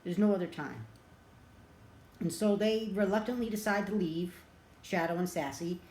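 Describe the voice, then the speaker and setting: Woman rambling thru a movie plot, mid-pitched voice, lots of uhs, echoey room. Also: normal speed, darkish tone. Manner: rambling, chatty, frequent uh fillers. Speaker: movie reviewer. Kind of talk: casual plot retelling. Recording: roomy echo.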